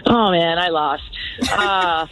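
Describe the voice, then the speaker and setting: A woman's voice: on the low side, takes it slowly, loud music behind the voice, low-quality recording. A woman from Canada calling into a radio trivia game, giggly and self-deprecating. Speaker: caller and trivia contestant. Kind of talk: phone-in radio banter.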